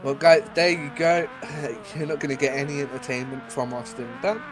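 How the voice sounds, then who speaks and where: A young man co-hosts sim drift commentary, ribbing his partner and breaking into laughter. His voice is mid-pitched and casual. Faint music plays in the background. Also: steady tone, moderate pace. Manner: teasing, laughs often. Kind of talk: live sim-racing commentary.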